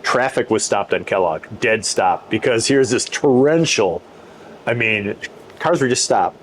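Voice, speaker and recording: Pastor co-host, lowish voice, loose anecdotal rambler who restarts often. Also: male voice, animated, a little slow, slight background noise. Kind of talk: casual chat.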